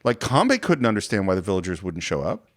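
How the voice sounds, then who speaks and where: Male film podcast co-host, expressive and bouncy, chatty scene-by-scene recap. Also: low voice. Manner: animated retelling of scenes, acting out lines in quick voices. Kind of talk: casual film discussion. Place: podcast studio.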